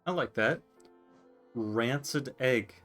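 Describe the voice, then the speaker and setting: A man's voice: medium pitch, slow pace, fairly bright tone, faint music behind. A man streaming a game, musing to himself in casual commentary and reading on-screen text aloud.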